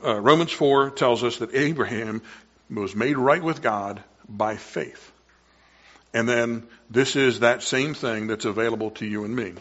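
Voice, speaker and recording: A man preaching a sermon as pastor, earnest and emphatic, slowing down to stress key words. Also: mid-range voice, a bit bright, muffled recording.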